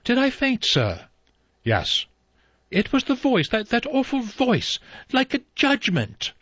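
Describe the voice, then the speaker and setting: A man's voice: very high voice, wildly swooping pitch, slow, fairly bright tone, no echo, voice pushed up, exaggerated voice. A man reading an audiobook, voicing a frightened middle-aged housekeeper woman who speaks breathlessly after fainting. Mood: shaken. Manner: breathless, shaken. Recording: slightly dull dry recording.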